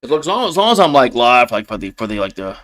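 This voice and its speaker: This male host delivers live fan commentary on the action, swearing freely and swinging from grumbling asides to loud calls on big moments. He talks fast at a medium pitch.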